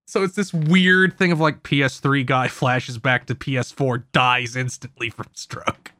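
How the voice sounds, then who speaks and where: A man's voice: medium pitch, steady tone, takes it slowly, pushed and bright, no echo. A man talking casually about video games on a podcast, rambling, cursing and correcting himself as he goes. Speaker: podcast co-host. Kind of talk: casual gaming podcast chat.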